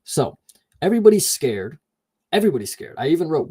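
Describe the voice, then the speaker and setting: A young man chats through a show recap on a podcast, his voice warm and mellow. He gets animated and profane, jumping into quick put-on voices to act out scenes. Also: on the high side, slightly rough. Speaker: podcast co-host. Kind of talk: casual show recap chat.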